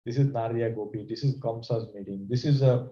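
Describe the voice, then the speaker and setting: A man teaching a scripture class, telling stories in a conversational, animated way and asking the audience questions. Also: medium pitch, fairly quick, roomy sound, dull audio.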